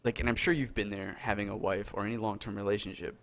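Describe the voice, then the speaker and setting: A man's voice: lowish voice, little pitch movement, fast talker. A man co-hosting a casual podcast over an online call, talking earnestly with many restarts and fillers. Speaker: podcast co-host. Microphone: call microphone.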